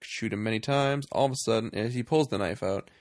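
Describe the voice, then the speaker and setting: A man's voice: on the low side, fairly quick, no room sound, studio quality. A man co-hosting a casual comedy podcast, recapping a movie with lots of laughter and acted-out quotes. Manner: animated, laughs often, acts out quoted lines in silly voices. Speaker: podcast co-host.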